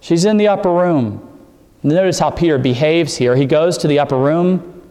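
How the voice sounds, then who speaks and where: A man preaching a sermon, explaining scripture and climbing in pitch on the words he stresses. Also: normal speed, mellow, in a large hall. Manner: expository preaching, rising emphasis on key words. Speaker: pastor.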